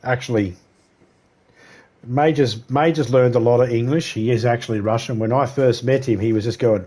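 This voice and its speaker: Husky Australian streamer, crude banter. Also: male voice, mid-range voice, steady tone, moderate pace, darkish tone. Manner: crude, joking banter, chuckles between lines. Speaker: gaming live streamer. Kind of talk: casual live-stream commentary chatting with viewers.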